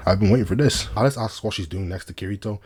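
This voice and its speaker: A man's voice: lowish voice, quick pace, darkish tone, husky. A man narrating an anime recap in a casual, comedic commentary style, full of slang and joking asides to the viewer.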